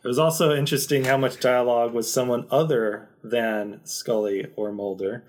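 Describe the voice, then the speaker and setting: Guy co-host on a podcast, short easygoing replies, normal pitch. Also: steady tone, normal speed, darkish tone. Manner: brief, agreeable replies. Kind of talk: casual chat reviewing a TV episode.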